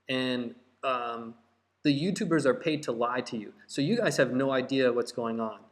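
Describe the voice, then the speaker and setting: A fired-up man speaks straight to camera as the host of his own crypto channel. He hammers his points home and repeats them for emphasis, and his voice sits at an ordinary middle pitch. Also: normal speed. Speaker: crypto YouTube host and course seller. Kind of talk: direct-to-camera vlog talk.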